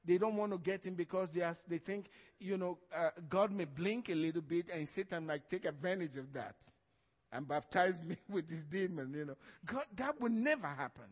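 A man's voice: sits high, moderate pace, long reverb tail, lo-fi sound. A male pastor preaching a sermon, stressing words hard and often asking the congregation "Amen?".

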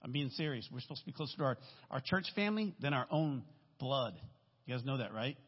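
A husky, fast-talking man with a mid-range voice and lively intonation preaches as a guest speaker, delivering a candid, rambling testimony and often asking "right?". The dull recording from the church sanctuary carries long hall reverb.

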